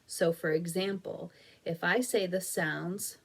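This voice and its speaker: Slow, husky-voiced woman teacher. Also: on the low side, fairly even intonation, a bit bright. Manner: patient, encouraging, stretches and sounds out words. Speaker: elementary school teacher. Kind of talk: slow, clear phonics lesson video for children.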